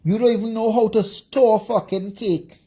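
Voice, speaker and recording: Speaking at normal speed in a high-leaning, mellow, husky voice with fairly even intonation, a Jamaican-accented woman delivers an angry livestream rant. As a social media commentator, she insults relentlessly and curses over and over.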